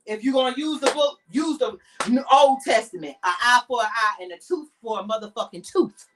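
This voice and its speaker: A woman with an African American English accent rants bluntly and heatedly, cursing freely as she hosts her podcast. Her voice sits high, and she talks from a little way off the microphone, so the sound is slightly distant. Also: brisk, music in the background. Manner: blunt, heated, profane ranting. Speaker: podcast host. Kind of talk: impassioned monologue.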